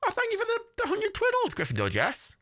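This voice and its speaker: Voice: very high voice, wildly swooping pitch, quick pace, a bit bright, no echo, studio quality. A young adult streamer hosting a watch party, chatting casually, reading out chat and gifts, swearing freely and laughing often.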